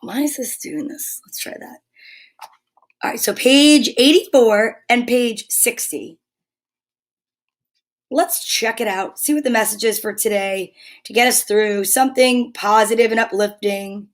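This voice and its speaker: An older woman chats on a relaxed home live stream, her voice sitting a little high. She talks to the viewers and breaks into fond baby talk with her dog. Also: measured pace. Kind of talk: casual live stream chat.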